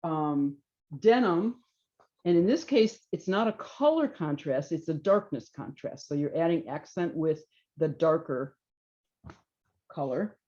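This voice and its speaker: A woman presenting knitting yarns and jackets to a small audience in a relaxed, chatty way, often trailing off with fillers and restarts. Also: low voice, a little slow, highs cut off. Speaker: yarn shop presenter. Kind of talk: informal trunk show presentation.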